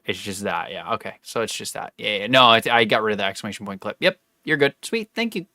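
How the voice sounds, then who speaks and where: A man's voice: fairly low pitch, expressive, fast talker, pushed and bright, dry recording. A young man chatting casually with his live-stream viewers while he plays, rambling and correcting himself as he goes. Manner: rambling, self-correcting, talks to chat.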